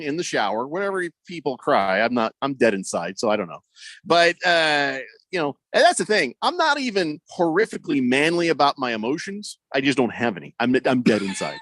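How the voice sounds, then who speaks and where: A man hosting a sports radio show in casual talk, reading listener messages aloud with a mocking, animated manner. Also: medium pitch, dry recording.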